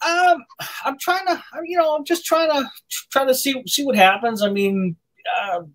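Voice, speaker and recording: Halting man with a Massachusetts accent. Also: very high-pitched, fairly bright tone, rough recording. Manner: halting, many fillers and repeated words. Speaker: live stream host. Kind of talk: casual chat.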